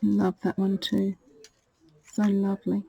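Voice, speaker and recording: A woman presenting her craft purchases in a casual show-and-tell, talking in a gentle, gushing way. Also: mid-range voice, monotone, takes it slowly, vocal fry, dull audio, a little hiss or hum. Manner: gentle and gushing, fond of "little".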